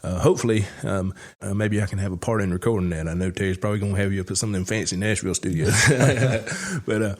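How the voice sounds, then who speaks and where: Folksy man, lowish voice. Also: quick pace, few pauses. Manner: folksy, rambling, with many fillers and chuckles. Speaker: podcast host. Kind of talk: casual storytelling chat.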